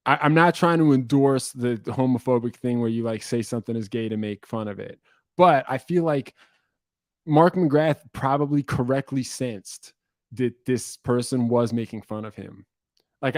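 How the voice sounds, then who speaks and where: Speaking in a mid-range, slightly mellow voice, a man runs through viewer questions for his music YouTube channel at his computer. He rambles loosely, cuts himself off with wry remarks, and coughs every so often. His webcam setup in an indoor room yields clean studio sound without any room sound.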